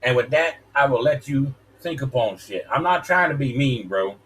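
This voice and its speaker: A man's voice: medium pitch, animated, normal speed, fairly bright tone. A man ranting heatedly on a live stream, profane and preachy, with a wrestling-promo delivery. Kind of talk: heated casual rant.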